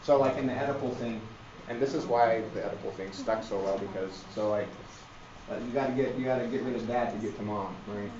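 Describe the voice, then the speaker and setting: Crowd noise sits behind a man lecturing a literature class in a low voice at a slightly fast pace. He rambles, restarting often and using lots of fillers, and the classroom audio is roomy and dull.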